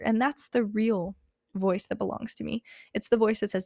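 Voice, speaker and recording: In a medium-pitched, gravelly, slightly mellow voice with fairly even intonation, a young Hispanic woman, country not given, hosts a podcast at a moderate pace. Her motivational chat is candid and casual, full of "like" and "um," in clean studio quality with no room sound.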